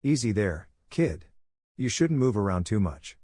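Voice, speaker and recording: A man's voice: lowish voice, very animated, unhurried, dark tone, no echo, studio quality. A man voicing a jittery, friendly young man who sounds nervous and unsure, trailing off into questions, in a storybook reading.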